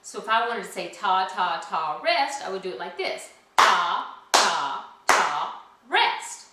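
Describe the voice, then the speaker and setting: A woman cheerfully and patiently teaches a children's music lesson in an indoor room at home, chanting rhythm syllables. Her mid-range voice is expressive at a moderate pace. The camera sits some distance away, so the recording is very echoey, far-off and noisy.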